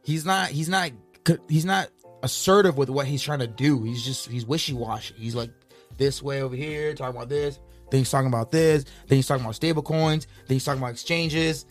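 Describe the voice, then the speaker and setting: Fast-talking animated male co-host. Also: medium pitch, faint music behind. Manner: animated, rapid, rambling with many "like"s. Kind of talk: casual crypto news chat.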